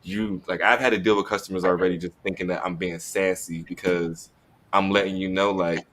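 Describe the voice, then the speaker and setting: A man talking casually on a podcast, chatty and animated, acting out quoted voices. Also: sits low, fairly quick.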